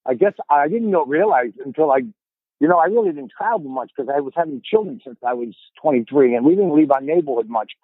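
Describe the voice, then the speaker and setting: A man's voice: on the high side, animated, quick pace, no echo, phone-quality sound. A man in his fifties with a Boston accent, a podcast guest telling stories in a casual, rambling way and often repeating his words as he starts a sentence. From Boston area, USA. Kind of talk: casual storytelling chat.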